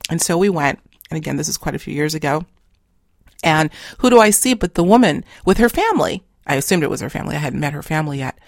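A woman's voice: deep voice, gravelly, dry recording, studio quality. A middle-aged woman telling anecdotes in a casual, chatty way, acting out what others said. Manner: chatty, animated storyteller who acts out quoted lines. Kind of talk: casual storytelling talk.

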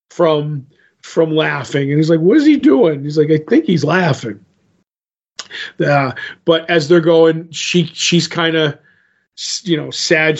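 A man co-hosting a podcast, casually retelling a comic book story in a rambling way and voicing the quotes with "he's like". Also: a little high. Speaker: podcast co-host. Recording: dull lo-fi podcast audio.

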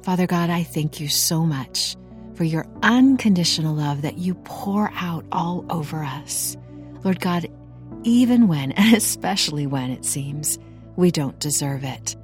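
Woman Bible teacher, middle-aged; unhurried, expressive scripture reading and prayer over faint music. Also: sits low. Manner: earnest, expressive reading with call-and-response.

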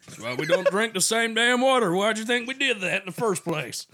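A young man chatting casually on a podcast in a slow, joking way. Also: high-pitched, animated, pushed and bright, a little hiss or hum. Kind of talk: casual chat.

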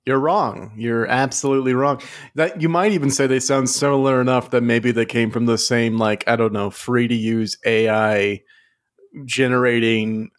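Male podcast co-host, deadpan mock-serious delivery, mid-range pitch. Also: normal speed. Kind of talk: casual comedic chat.

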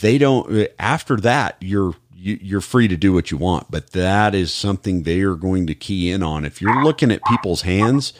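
A man's voice: deep voice, expressive, moderate pace, hardly any pauses, no room sound, clean studio sound. A man with an American accent, a police officer on a podcast, telling stories in a rambling, casual way with many restarts. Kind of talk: casual chat, storytelling.

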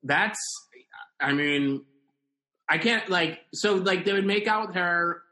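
A man hosting a podcast in casual chat, reacting with short quips and musing in a lower, relaxed tone. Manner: laid-back listener, quick short reactions, drops low when musing.

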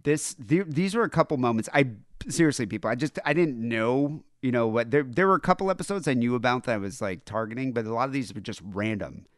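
Guy hosting a podcast, all over the place pitchwise, dry close sound, rambles and swears. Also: expressive, quick pace, few pauses, dry recording. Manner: rambling, laughing, profane. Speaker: podcast host. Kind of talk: casual podcast chat.

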